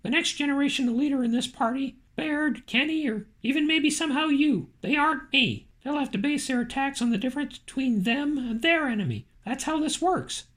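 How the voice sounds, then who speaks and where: A scornful, lecturing party boss who booms when pressed, voiced by a woman narrator. The voice sits high and carries a storybook reader's steady control. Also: brisk, hardly any pauses. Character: domineering middle-aged male party boss.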